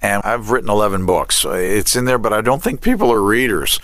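The director of a family ministry, also a counselor, is a middle-aged man with a very low voice speaking fairly quickly. Chatting in a relaxed interview about faith and parenting, he animatedly acts out quoted dialogue, and the audio is close and dry without echo.

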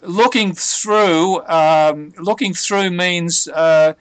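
An English tutor with a slightly raised pitch gives a conversational lesson on phrasal verbs, explaining patiently while pausing on fillers and restarting sentences. His smooth voice is recorded close and dry, with no room sound or echo.

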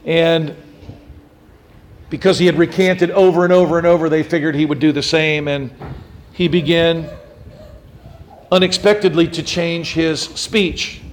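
A man's voice: a little high, fairly even intonation, measured pace, pauses often. A man preaching a sermon, telling a story and acting out the quotes with rising intensity. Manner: dramatic, acts out quotes, rising to intense emphasis. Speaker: pastor.

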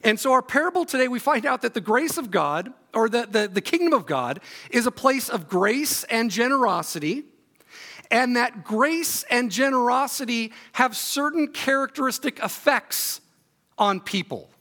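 A man preaching a sermon in a church, reading scripture aloud and teaching with relaxed, joking asides. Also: extremely high pitch, normal speed. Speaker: guest preacher. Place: church sanctuary.

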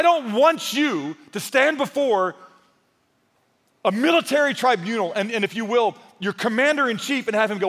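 A man with a fairly high voice preaches in a large church, his words ringing through a long hall reverb. He talks to the crowd like a friend, telling stories with humor, then pushes his points home with rising force. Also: expressive, moderate pace, a bit bright. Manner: conversational, storytelling with humor, rises to emphatic. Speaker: pastor. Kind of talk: sermon.

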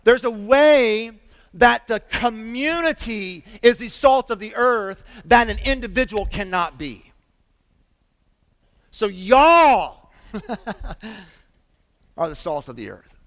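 Male pastor, very high voice, lively emphatic sermon delivery, long church reverb. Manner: animated, emphatic preaching with call-outs to the congregation. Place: church sanctuary with congregation.

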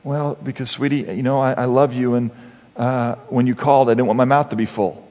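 A man's voice: mid-range voice, steady tone, fairly quick, a little mellow, voice pushed down, close to an everyday voice. A man voicing a manipulative mother who dotes on her grown son in a syrupy, guilt-tripping way, calling him sweetie. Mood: doting. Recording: dull recording with long hall reverb.

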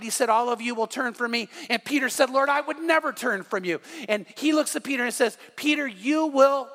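High-voiced male pastor, earnest storytelling sermon, repeats his starts; heard in a reverberant sanctuary. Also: fairly bright tone.

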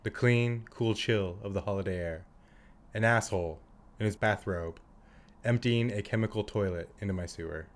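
A man putting on a deep voice to recite a grumbling suburban dad's film line, in a deadpan way. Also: normal speed, natural voice. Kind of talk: movie quote impression among friends.

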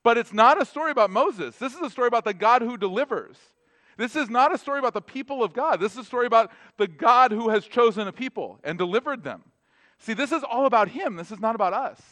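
A man, a pastor with children, preaching a sermon in a conversational, animated way and acting out short dialogues. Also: very high-pitched, fast talker. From North America. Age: adult with children.

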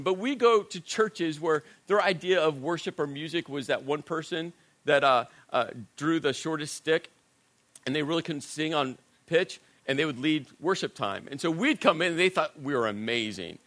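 Man preaching, middle-aged, bright forceful tone, slightly high voice, conversational and self-deprecating. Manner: conversational, self-deprecating, drops to a hushed voice for serious moments. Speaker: pastor. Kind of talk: sermon with a personal story.

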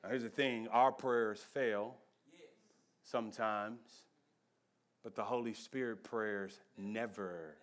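A male pastor preaching a sermon in a church. His delivery is conversational and swings between loud emphasis and hushed intensity. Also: on the low side, steady tone, slow, pauses often.

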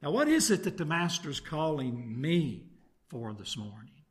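A man's voice: on the high side, very animated, normal speed. A man preaching a sermon, reading a scripture passage aloud and then preaching on it with rhetorical tag questions. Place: church.

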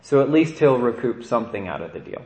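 A man's voice: mid-range voice, sing-song, fast, a little mellow. A man, a priest, giving a conversational sermon and often checking in with "right?". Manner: conversational preaching with frequent "right?" asides. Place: church. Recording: echoey church room.

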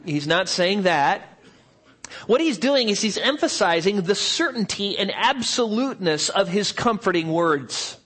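A pastor preaching a sermon at a church service, explaining earnestly and asking rhetorical questions. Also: male voice, a little high, fairly bright tone.

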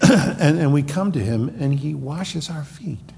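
A male pastor preaching a sermon with emphatic swings from loud stress to soft, low asides, with a husky, gravelly voice. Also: animated, measured pace. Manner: emphatic, rising to bursts of loud stress then dropping soft. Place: church hall. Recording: long hall reverb.

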